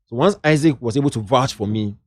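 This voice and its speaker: A middle-aged man with a Ghanaian accent, an entertainment journalist sharing lively anecdotes in a casual interview, slipping into local slang. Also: mid-range voice, quick pace, dry recording, clean studio sound.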